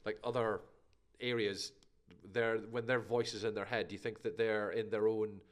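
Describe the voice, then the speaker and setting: A man's voice: lowish voice, level tone, moderate pace. A man co-hosting a podcast, rambling and hesitating through his thoughts in casual banter. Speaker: podcast co-host.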